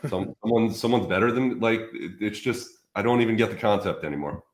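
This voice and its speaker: A man's voice: fairly low pitch, fairly quick, echoey room. A man appearing as a podcast guest, speaking directly and matter-of-factly in casual conversation.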